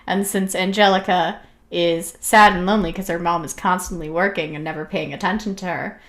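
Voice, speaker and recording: A woman co-hosting a casual chat, easygoing and often laughing, reading a theory aloud at a steady clip. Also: lowish voice, a little fast. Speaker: podcast co-host.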